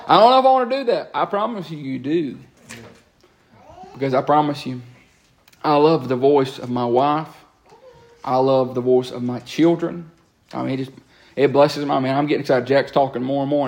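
A man, preaching a lively sermon in a church and breaking into quick asides and repeated words. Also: medium pitch. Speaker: pastor. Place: church sanctuary.

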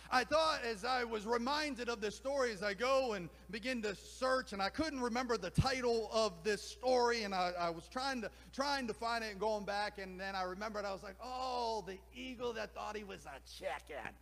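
A man in his forties preaching a sermon, reading a story slowly and emphatically and then rambling in asides. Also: high voice, fairly bright tone. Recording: long hall reverb.

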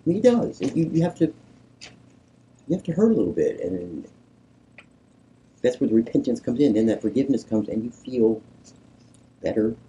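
Male pastor, husky dark voice, lively swooping delivery, leads a group sermon. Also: medium pitch, normal speed, long pauses, rough recording. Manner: animated, coaxing, rises to emphatic peaks. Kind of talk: conversational sermon with group discussion.

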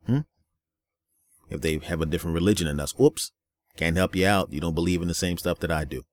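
A man's voice: sits low, brisk. A man hosting a solo podcast, ranting in a weary, angry way, with a lot of profanity and repetition. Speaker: podcast host.

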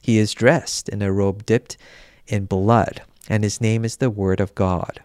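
A man reading scripture aloud in a measured, solemn, unhurried way. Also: lowish voice, level tone, darkish tone, smooth, no echo, clean studio sound. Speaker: scripture reader.

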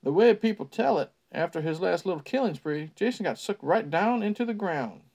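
A folksy old gas station owner spins a creepy local legend with a slow, ominous drawl, as a man reading aloud puts him on. His voice rides high with a gravelly rasp. It sounds like a storybook read-aloud. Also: animated, darkish tone, full character voice.

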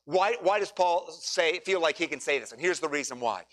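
A man preaching a sermon, leading his congregation through scripture with dramatic pauses and emphatic repetition. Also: a little high, lively intonation. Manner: preaching with dramatic pauses, rising to near shouts. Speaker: pastor.

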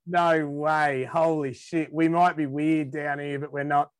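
Man, Australian accent, slow unhurried talk, casual podcast guest, laid-back, dry close recording. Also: a little high, fairly even intonation, smooth, dry recording. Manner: laid-back, laughs often, trails off and restarts. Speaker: guest musician.

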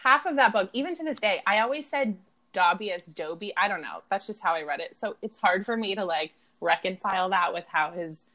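A woman's voice: medium pitch, lively intonation, a little fast, a bit bright. A woman co-hosting a casual book podcast, chatting and telling stories with a laugh. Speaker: podcast co-host. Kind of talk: casual chat.

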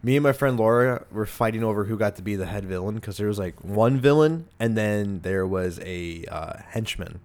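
Speaking at a moderate pace with few pauses, a young US man hosts a podcast in a low-leaning, darkish voice. His casual chat wanders, with plenty of fillers, "like"s and restarts.

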